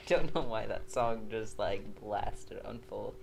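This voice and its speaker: A woman's voice: extremely low pitch, fairly even intonation, unhurried, vocal fry. A woman co-hosting a casual chat show, talking loosely with frequent laughter and fillers. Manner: laughs often, speaks loosely with many fillers. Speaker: co-host. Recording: faint background noise.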